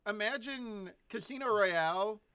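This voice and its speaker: A man co-hosting a podcast, his voice pitched high and bright. He talks in a loose, joking way and tells animated stories to his co-hosts. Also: a little slow, clear, resonant tone. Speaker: podcast co-host. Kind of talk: casual chat.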